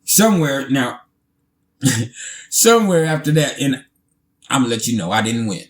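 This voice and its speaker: A man, telling a casual storytime, animated, laughing often and swearing freely. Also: mid-range voice, unhurried.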